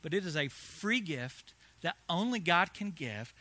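High, sharp-voiced male preacher. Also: a little slow. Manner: animated, swings from hushed to loud. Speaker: pastor. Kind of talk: sermon storytelling.

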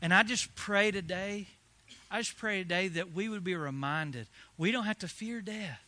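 A male pastor telling a story in a sermon, animated, swinging between hushed and loud delivery. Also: high voice, normal speed.

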